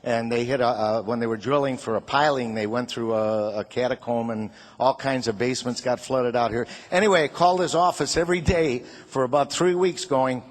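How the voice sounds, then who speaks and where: A man's voice: medium pitch, steady tone, brisk, few pauses. An older man doing a stand-up comedy routine, firing off punchy one-liners and chuckling at his own jokes. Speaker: comedian and show host.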